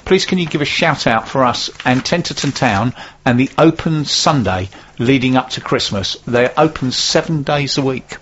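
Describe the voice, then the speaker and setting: A man's voice: medium pitch, normal speed, fairly bright tone, lo-fi sound, slight background noise. A man hosting a local business radio show in casual chat, rambling with plenty of fillers. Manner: chatty, rambling, many fillers.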